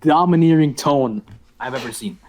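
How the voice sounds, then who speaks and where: A young man co-hosting a podcast, telling an animated, slangy story. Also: a little high, moderate pace. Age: young adult. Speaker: podcast co-host. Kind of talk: casual chat.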